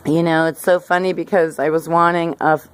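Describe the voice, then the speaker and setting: Low-voiced middle-aged lady vlogging outside, rambly, keeps cutting herself off and laughing. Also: level tone, brisk, clear, resonant tone. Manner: rambling, self-interrupting, laughs often. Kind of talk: casual talk to camera. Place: outdoors by a hillside garden.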